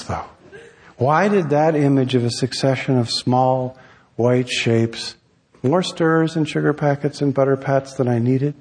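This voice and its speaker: Husky man reading his essay. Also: medium pitch, darkish tone, long reverb tail. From United States. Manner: wry, measured storytelling. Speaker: author.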